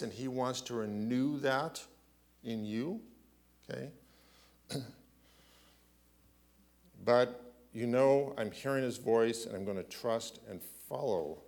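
A man preaching a sermon, asking rhetorical questions and often clearing his throat. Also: mid-range voice. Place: church.

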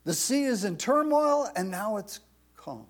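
A man's voice: high voice, big pitch swings, measured pace. A man preaching a sermon, reading scripture aloud and repeating phrases for emphasis. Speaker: pastor.

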